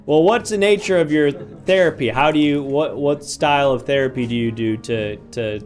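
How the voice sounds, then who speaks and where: Man as a judge, measured questioning, exasperated, slightly high voice, faint music behind. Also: darkish tone, natural voice. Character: exasperated male judge presiding over a trial. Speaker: improv performer playing a judge. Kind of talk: improv comedy role-play.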